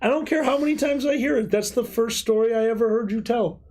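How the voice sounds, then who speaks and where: High-voiced drunk man joking loudly. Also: fast. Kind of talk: casual drinking-stream chat.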